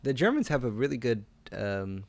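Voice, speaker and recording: A man's voice: medium pitch, sing-song, moderate pace, gravelly, a little mellow. A man co-hosting a casual chat show over a remote call, laid-back, swearing freely and laughing often. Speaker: podcast co-host. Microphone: remote call, in another city from the co-host.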